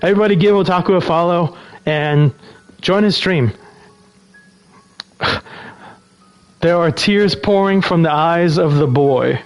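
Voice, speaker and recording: A man's voice: fairly high pitch, measured pace, pauses often, faint music behind, low-quality recording. A man streaming, reading game text aloud and breaking off to chat casually with viewers. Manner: relaxed, breaks off to answer chat.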